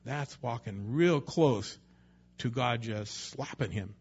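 A man's voice: medium pitch, takes it slowly, darkish tone, husky, dull audio. A man preaching a sermon in a conversational way, sometimes acting out the voices of people he quotes. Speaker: pastor.

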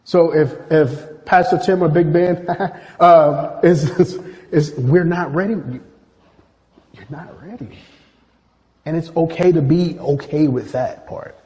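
A man's voice: a little high, slow, mellow, long reverb tail. A man preaching a sermon, telling stories animatedly and acting out quoted voices. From Nigeria.

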